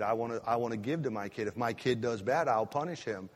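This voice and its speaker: Male pastor, sermon, emphatic drawn-out delivery, sudden loud rises, long hall reverb. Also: mid-range voice.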